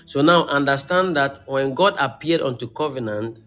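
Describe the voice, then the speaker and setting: A man's voice: mid-range voice, moderate pace, faint music behind. A man preaching a sermon, reading scripture aloud and checking in with his listeners. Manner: animated.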